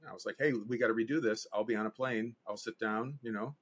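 Speaking fast in a husky voice on the low side, a man, an animator and director appearing as a guest, spins anecdotes in a relaxed interview. He performs the voices of whoever he's quoting.

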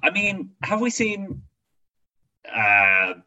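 Podcast guy, low voice that bounces around a lot, sounds kinda muffled and lo-fi. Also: sing-song, drawn-out words, bright, forceful tone. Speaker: podcast co-host. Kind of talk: casual chat. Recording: dull lo-fi mic.

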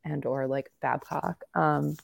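A woman's voice: sits low, fairly even intonation, slow, gravelly. A woman co-hosting a sports podcast, talking in a candid, joking and rambling way in casual chat, with a slight cough. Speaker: podcast co-host.

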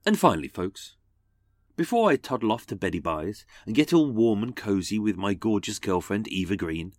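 A man's voice: lowish voice, big pitch swings, normal speed. A man narrating a scripted talk with sarcastic, theatrical asides. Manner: mocking, theatrical. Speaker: podcast host.

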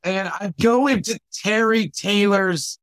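A man's voice: sits high, takes it slowly, a bit bright, no room sound. A man, a comedian guest on a podcast, chatting casually with a rambling, laugh-prone manner. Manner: laughs often, rambling with fillers. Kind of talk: casual chat.

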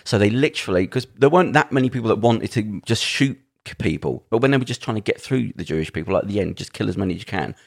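A man with a very low, gravelly voice, talking quickly on a casual podcast. He tells stories in a rambling, earnest way and often restarts his sentences. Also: expressive. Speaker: podcast co-host.

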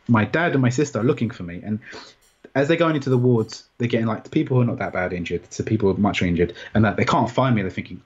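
A man recounting a personal experience in an interview, rambling and halting with many restarts. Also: mid-range voice, animated, darkish tone, breathy edge. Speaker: interview guest. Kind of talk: personal story in conversation. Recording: dull, muffled sound.

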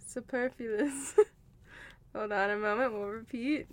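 A woman's voice: fairly high pitch, fairly even intonation, slow pace. A young woman co-hosting a podcast in easygoing casual chat, laughing along between short remarks. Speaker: podcast co-host.

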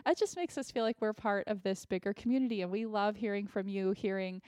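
A woman's voice: mid-range voice, a little fast, darkish tone, clear, resonant tone, no room sound, studio quality. A woman co-hosting a casual book club podcast, talking with gushing enthusiasm. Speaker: podcast co-host.

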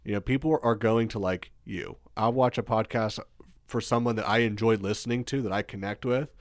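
A man's voice: lowish voice, brisk, dry recording, studio quality. A man who is a guest on a podcast, talking earnestly and encouragingly about business, with lots of "you know"s. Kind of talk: casual conversation.

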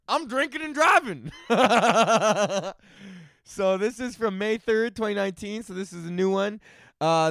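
A man's voice: sits high, a bit bright, clean tone, no echo. A man hosting his own comedy podcast, ranting alone in a loose, profane way and often laughing at his own jokes. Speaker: podcast host. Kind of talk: solo comedic rant.

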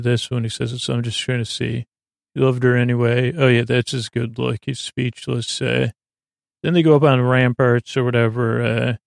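A podcast host, a man, gives a loose, meandering recap of a TV episode, full of fillers and self-corrections. His voice is gravelly and flat, with little rise and fall. The sound is dry and close, with no room around it. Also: medium pitch, no room sound.

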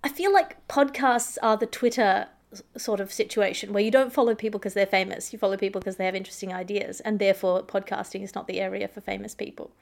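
A woman's voice: mid-range voice, quick pace, gravelly. A woman hosting a comedic news podcast, with a dry, wry delivery. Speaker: host.

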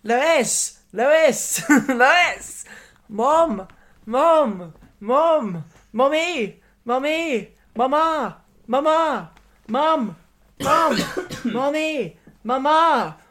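A shouting cartoon baby boy, pitched high and loud, put on by a podcaster. It is a rough, playful imitation, yelled again and again. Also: animated, drawn-out words, heavily acted. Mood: demanding. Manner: loud, laughing attempt at an impression.

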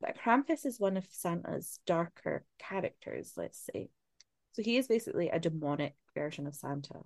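A woman's voice: on the low side, very animated, moderate pace, gravelly, a little mellow, dry recording. A Scottish woman co-hosting a podcast, chatting casually and swearing freely as she tells spooky folklore. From Scotland. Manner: chatty, swearing, laughing asides. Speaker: podcast co-host. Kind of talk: casual chat, telling folklore.

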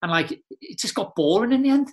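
A man's voice: high-pitched, fast talker. Swearing Liverpudlian man telling stories. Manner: blunt, swearing, animated storyteller with slang. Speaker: podcast guest, former footballer. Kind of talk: casual storytelling chat.

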